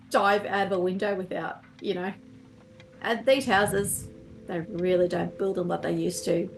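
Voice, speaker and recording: A woman running a tabletop game as game master, narrating with lively reactions and laughter. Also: medium pitch.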